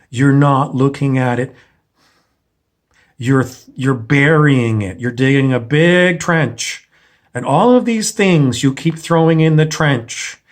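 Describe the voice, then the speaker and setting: A man giving a blunt, profane, lecturing monologue in a confrontational style. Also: medium pitch. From Canada. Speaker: self-help speaker.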